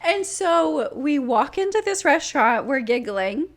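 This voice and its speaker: Giggly high-voiced young woman telling a story. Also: measured pace. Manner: giggly, animated, lots of "like". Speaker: podcast co-host. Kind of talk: casual storytelling chat.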